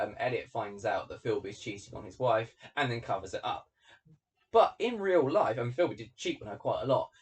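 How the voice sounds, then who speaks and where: Chatty male host, animated, medium pitch, recorded slightly away from the mic. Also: distant mic. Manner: chatty, animated, many fillers and asides. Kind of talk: casual commentary.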